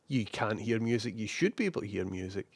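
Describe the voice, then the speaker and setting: A young Scottish man chats away on a live stream, greeting his viewers one by one. His voice is a touch hoarse from a cold, and the sound is close and dry with no room echo. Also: lowish voice, expressive, fast. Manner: chatty, greets viewers warmly by name. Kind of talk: casual live-stream chat.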